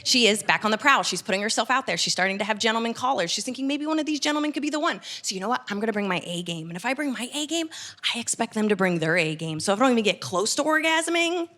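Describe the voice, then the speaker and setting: A woman in her thirties performing a stand-up comedy set, telling a story fast and animated, with loud shouted punchlines. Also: medium pitch. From United States. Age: 30s.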